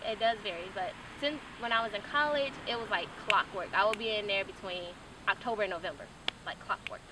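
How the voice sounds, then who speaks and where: A woman's voice: mid-range voice, brisk. A young woman giving an earnest, candid interview, with casual fillers and restarts. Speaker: interview guest. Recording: noisy, from a distance.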